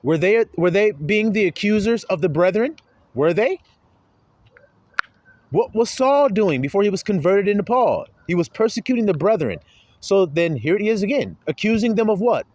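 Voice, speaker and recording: A man's voice: high voice, expressive, moderate pace, a little mellow, dry recording, lo-fi sound. A man preaching a sermon, pressing his listeners with rhetorical questions and calling them his little flock.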